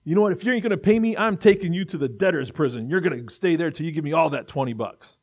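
Man doing a loud, greedy servant. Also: on the high side, fast. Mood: demanding. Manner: loud and demanding. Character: angry, greedy male servant chasing a small debt. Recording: dull lo-fi recording.

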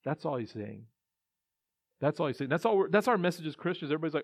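A man's voice: fairly high pitch, big pitch swings, rapid-fire, dry recording. Man preaching a casual sermon. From Texas. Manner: conversational preaching with many restarts and acted-out quotes. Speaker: pastor. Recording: dull, muffled dry sound.

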